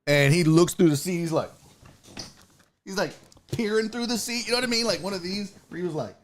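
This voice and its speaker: A man with a high voice talks briskly over slight background noise as he hosts a sports talk podcast. He tells a profane, comedic story in a laid-back way, acting out the voices of the people involved.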